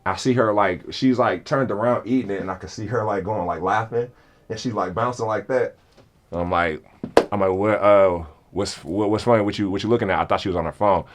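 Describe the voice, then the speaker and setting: Young adult male storyteller, deeper voice, animated, casual comedic delivery. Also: fairly quick, a little hiss or hum. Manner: animated, acts out both sides of a conversation. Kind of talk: comedic storytelling among friends.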